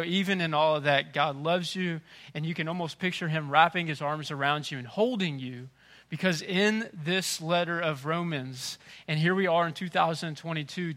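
A middle-aged pastor delivers a sermon in a bright, ringing voice pitched slightly higher than usual. He moves between soft, tender phrases and loud, impassioned emphasis.

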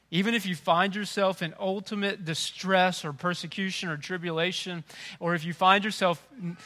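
A middle-aged male pastor preaching a sermon with impassioned delivery, dropping to a hush and rising to loud emphasis. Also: high-pitched.

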